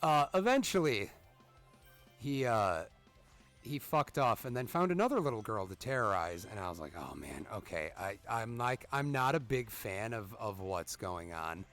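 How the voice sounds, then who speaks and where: Animated, ranting dad gamer. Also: male voice, mid-range voice, normal speed, soft background music. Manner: profane, ranting; exasperated reactions to the game. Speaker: gaming channel host. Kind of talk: gameplay commentary with storytelling.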